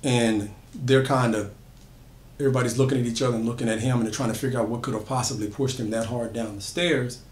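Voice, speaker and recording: A man's voice: medium pitch, fairly even intonation, quick pace. Guy telling a spooky story off the cuff, lots of "you know", kinda echoey room. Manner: conversational, loose retelling with frequent "you know" and restarts. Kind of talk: casual spoken horror storytelling.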